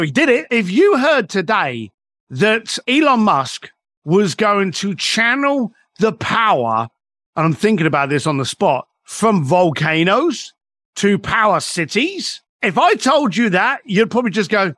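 Man, middle-aged, high lively voice, dry close sound, emphatic, profane. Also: unhurried, dry recording. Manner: animated, emphatic, swears freely. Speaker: podcast guest. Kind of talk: motivational storytelling.

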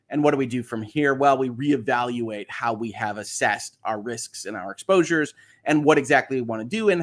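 A man's voice: medium pitch, fairly bright tone. A man hosting a casual livestream, chatting in a rambling way, thinking aloud and reading viewer comments. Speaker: livestream host.

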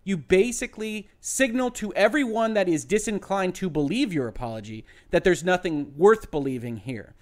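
A man who is a lawyer giving measured, methodical commentary and explaining his reasoning step by step. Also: high-pitched, animated. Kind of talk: analytical legal commentary.

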